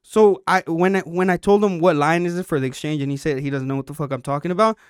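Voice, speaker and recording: A man on a podcast tells a story in loose, swearing chat, slipping into other people's voices as he goes. His voice is smooth and clear and sits a little high for a man. The sound is dry and close, with no room around it. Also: fast, no echo. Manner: animated, profane, acts out quotes. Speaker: podcast host.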